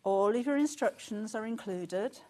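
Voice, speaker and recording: A woman presenting a live shopping channel, chatty and excitable, often gasping and laughing as she talks. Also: medium pitch, normal speed, slight background noise. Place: TV studio.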